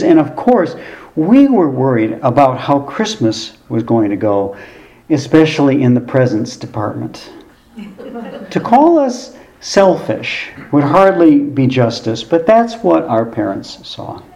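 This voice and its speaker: A man's voice: medium pitch, warm tone, dull audio. A man in his sixties, a pastor, giving a sermon through a wry, conversational personal story.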